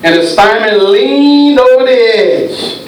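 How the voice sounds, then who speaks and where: A man preaching a sermon in a church, telling a dramatic story and swinging between hushed tones and shouts. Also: extremely high pitch, animated, slow. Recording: echoey church hall from far off, faint hiss.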